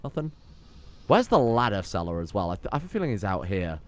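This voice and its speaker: A man's voice: lowish voice, big pitch swings, quick pace. A man giving sweary, sarcastic let's play commentary while playing a game. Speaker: gameplay commentator.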